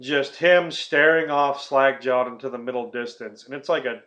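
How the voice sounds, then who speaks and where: A man hosting a podcast in casual chat, swearing often as he retells a film with animated energy. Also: mid-range voice, normal speed. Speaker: podcast host.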